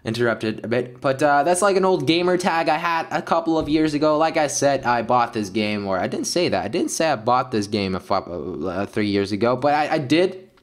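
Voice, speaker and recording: Young male gamer, excitable Let's Play narration with a lively, swinging pitch. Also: fairly quick. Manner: excitable, yelps and laughs at in-game action. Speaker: gaming YouTuber.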